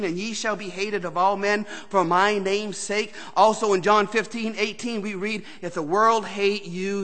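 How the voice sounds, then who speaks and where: A male preacher pleads with his congregation in a revival sermon, dropping to hushed appeals and then rising to shouted calls. His voice sits high and bright, and it rings with the long reverb of a church hall. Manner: pleading, repetitive, swinging between soft and shouted. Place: church sanctuary.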